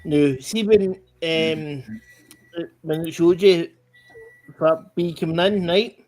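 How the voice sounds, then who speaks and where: A man's voice: a little high, takes it slowly, darkish tone, poor audio. A man with a Scottish accent in a casual livestream chat, rambling and emphatic with lots of restarts.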